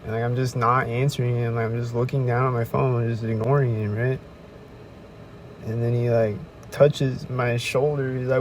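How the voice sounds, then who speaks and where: A podcast host with a medium-pitched, level voice at a moderate pace tells a rambling, profane story in a casual monologue. Recorded outdoors near traffic in low quality, he quotes others in a raised voice.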